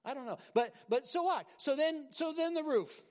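A middle-aged man preaching a sermon as pastor, animated, swinging from loud emphasis to quiet asides and often restarting his words. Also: very high voice, normal speed. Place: large hall with a congregation. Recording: long hall reverb.

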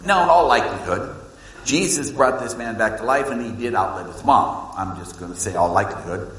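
A man preaching a sermon as pastor, swinging between loud emphasis and hushed, low lines. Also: a little fast. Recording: echoey hall with long reverb.

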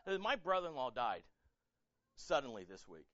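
A male pastor preaching a sermon in a casual, animated way, acting out quotes and repeating words as he talks. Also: medium pitch, normal speed, dry recording, highs cut off. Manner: animated, conversational, acts out quotes, many fillers and repeats.

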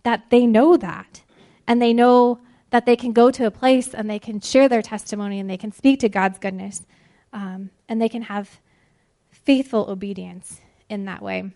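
A woman giving a devotional sermon in an earnest manner, slowing to stress key words. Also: medium pitch, fairly even intonation, mellow. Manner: earnest, with emphatic slow pauses. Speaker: ministry speaker.

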